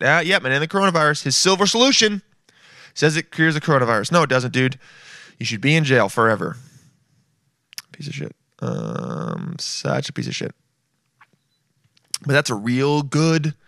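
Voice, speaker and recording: A man's voice: mid-range voice, gravelly, a bit bright, no room sound, studio quality. A young man hosting a casual comedy podcast, crude and mocking, often slipping into silly voices. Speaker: podcast host.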